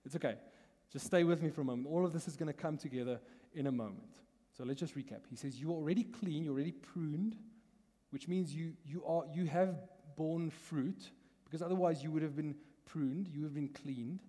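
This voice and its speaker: Pastor, male, South African accent, mellow voice, chatty teaching tone, church hall with long reverb. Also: fairly high pitch, a little fast, breathy edge. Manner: conversational teaching, asks the congregation questions, laughs often. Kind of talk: sermon.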